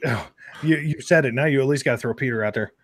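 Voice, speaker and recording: A man in a casual livestream chat with a hoarse throat, joking and laughing easily. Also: mid-range voice. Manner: animated joker, quick to laugh.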